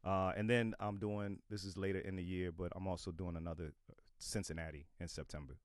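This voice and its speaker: A middle-aged man, a comedian guest, talking casually and animatedly on a podcast, now and then breaking into loud impressions. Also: deep voice, fairly even intonation, a little fast, no room sound, studio quality.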